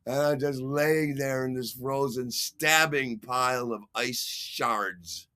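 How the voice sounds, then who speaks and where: A man's voice: medium pitch, slow, sharp tone, clear, resonant tone, no echo. A man telling a comic, self-mocking personal story, acting out the scenes. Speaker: podcast host.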